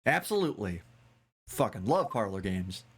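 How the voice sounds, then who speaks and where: A man's voice: lowish voice, very animated, normal speed, slightly rough. A man streaming a game, chatting casually, swearing and joking about himself. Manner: loose, self-mocking, swears casually. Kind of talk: casual gameplay commentary.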